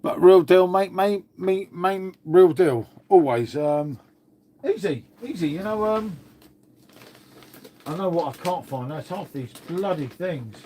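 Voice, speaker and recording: A man's voice: high voice, lively intonation, slow pace, warm tone, slight background noise. A man, from England, hosting a casual live stream, rambling and swearing, calling everyone "mate". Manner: rambling, swears a lot, says "mate" constantly. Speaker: livestream host.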